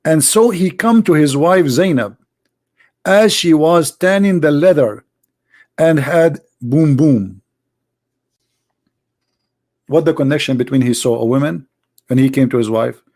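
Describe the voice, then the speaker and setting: A man's voice: fairly high pitch, unhurried, long pauses, darkish tone. A man hosting a live-streamed debate who talks in a mocking, sarcastic and theatrical way. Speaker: debate host.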